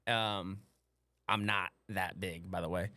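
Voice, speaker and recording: Crude, rambling young podcast host. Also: male voice, low-pitched, fairly even intonation, slow, bright, forceful tone, dry recording. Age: 20s. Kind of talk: casual podcast chat.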